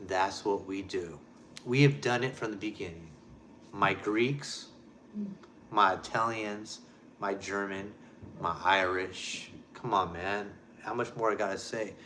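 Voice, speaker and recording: A man's voice: on the low side, slow, slight background noise. A man hosting a show, delivering a heated, emphatic rant and speaking straight to his listeners, repeating key phrases. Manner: emphatic, repetitive, keeps addressing listeners directly. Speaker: show host. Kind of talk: ranting monologue.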